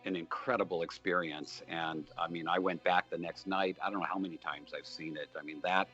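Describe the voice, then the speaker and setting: A man's voice: deep voice, steady tone, a little fast, pushed and bright, highs cut off, faint music behind. An older man, a film director, answering interview questions in a rambling, storytelling way with many fillers. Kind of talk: relaxed interview talk.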